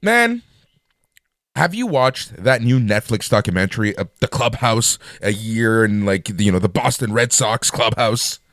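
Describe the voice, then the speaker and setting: Lively, swearing male podcast co-host. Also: lowish voice, unhurried, no echo, clean studio sound. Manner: animated, profane, rambling. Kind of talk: casual sports and wrestling chat.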